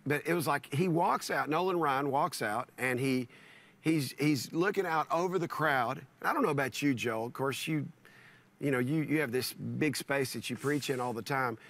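A middle-aged male pastor telling a story in conversation, animated and given to repeating himself and restarting sentences. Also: medium pitch, normal speed.

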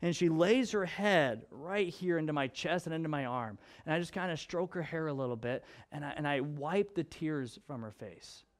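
A pastor with a fairly high-pitched voice preaches, mixing scripture with a story from home. He talks in a loose, conversational way and moves between emphatic and hushed. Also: lively intonation, moderate pace, few pauses. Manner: conversational with restarts and fillers. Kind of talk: sermon with personal storytelling.

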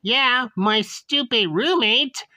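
A woman voicing a grieving, quick-tempered teenage girl student who shouts shrilly. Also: fairly high pitch, no echo, voice pushed up. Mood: upset.

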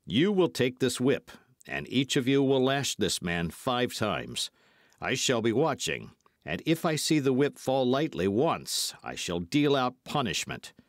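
A man's voice: medium pitch, big pitch swings, unhurried, no echo, studio quality, pitched above the performer's own voice. A man playing a cold, commanding masked outlaw. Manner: stern, clipped threats.

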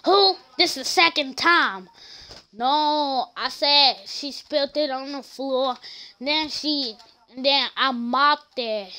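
A woman streamer acting out comedic skits, loud and playful with shouted exclamations. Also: high voice, slow. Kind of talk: comedic skits with character voices.

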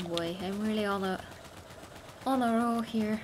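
A woman's voice: mid-range voice, slow pace, long pauses, noisy background. A woman giving casual gameplay commentary, chatting to herself and exclaiming at the game. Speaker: gaming channel host.

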